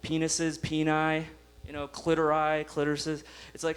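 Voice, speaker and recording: A man's voice: fairly high pitch, monotone, normal speed, smooth. A young man performing a stand-up comedy set, laughing at his own jokes and acting out voices. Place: comedy club stage.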